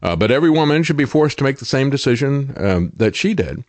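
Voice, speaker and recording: A man's voice: medium pitch, big pitch swings, fast talker, a little mellow, no room sound. A middle-aged man hosting a political talk show, speaking indignantly and sarcastically with many fillers and restarts. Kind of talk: opinionated commentary monologue.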